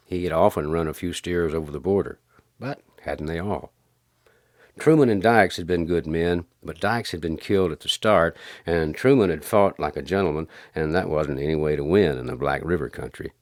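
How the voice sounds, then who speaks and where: A man narrating western short stories as an audiobook in an unhurried, low-key way. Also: dry recording, clean studio sound.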